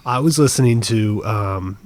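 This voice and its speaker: A man hosting a casual podcast chat, telling stories in a quick, rambling way. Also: fairly low pitch, a little mellow, dry recording. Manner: chatty storyteller, quick and rambling. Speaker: podcast host.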